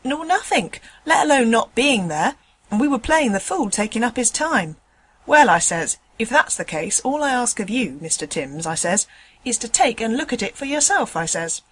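A woman's voice: a little high, slightly rough. A woman doing a rambling tram conductor. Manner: rambling, indignant, folksy dialect. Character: chatty working-class male tram conductor, middle-aged.

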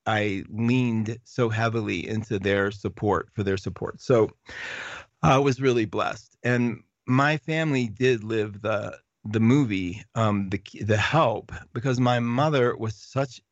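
A middle-aged man hosts a casual live chat, answering viewer comments and drifting into stories. His gravelly voice sounds dry and close. The recording is dull and lo-fi. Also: lowish voice, measured pace, no room sound. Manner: animated, rambling with restarts and laughs. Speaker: livestream host reading viewer comments.

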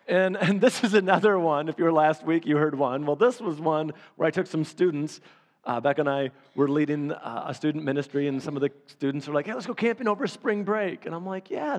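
A man preaching a sermon, telling a story with laughs and lively energy. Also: fairly high pitch. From Michigan. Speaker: pastor. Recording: long hall reverb.

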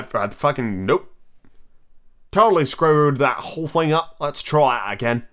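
A man's voice: mid-range voice, fairly bright tone. A man casually reading a children's classic aloud on his podcast, stumbling over words and restarting lines. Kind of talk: casual storybook read-aloud.

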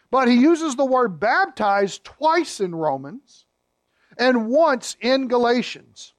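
A man preaching a sermon as pastor, teaching emphatically, reading scripture slowly with stress and turning to the congregation with conversational asides. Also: sits high, dry recording.

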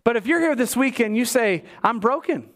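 A man with a notably high voice preaches in a church. His delivery swings between emphatic peaks and quiet low drops. He throws in wry jokes to the congregation. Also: brisk. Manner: lively preaching, rising to emphatic highs and dropping low; joking asides to the congregation. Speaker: pastor. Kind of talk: sermon.

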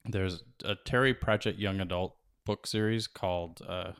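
A man's voice: low voice, steady tone, normal speed, a bit bright, clean tone. A man and father talking casually about reading books to his children, enthusiastic and a bit rambling. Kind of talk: casual chat.

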